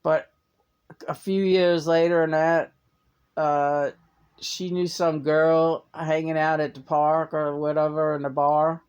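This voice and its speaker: A woman's voice: low voice, flat delivery, slow pace, a little mellow, smooth, dull audio. A woman doing a crude New bar regular. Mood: gossipy. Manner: crude, rambling, tough-guy banter. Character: crude, chatty middle-aged man, a New York bar regular.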